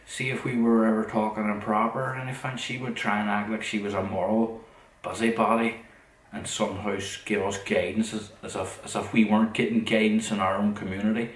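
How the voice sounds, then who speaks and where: A man's voice: on the low side, little pitch movement, a little fast, roomy sound, recorded from a distance, low-quality recording. A man telling a story in a casual, profane, rambling way, often restarting his sentences.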